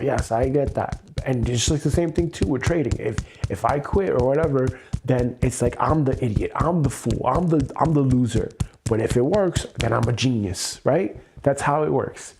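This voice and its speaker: A man's voice: on the high side, mellow. A man hosting an EFT tapping session, venting with angry, profane, repetitive words and weary sighs.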